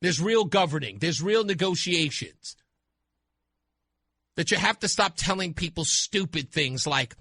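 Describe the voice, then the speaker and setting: A male talk radio host delivering a mocking, animated opinion monologue. His voice runs high and swings widely in pitch, with a bright, sharp edge. The sound is dry and close, with no room around it. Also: measured pace, dry recording.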